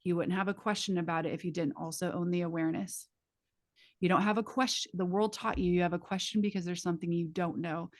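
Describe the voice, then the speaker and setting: A woman's voice: fairly low pitch, steady tone, fast. A woman facilitator teaching a live class in a casual, emphatic way, swearing freely and speaking straight to her students through vivid images.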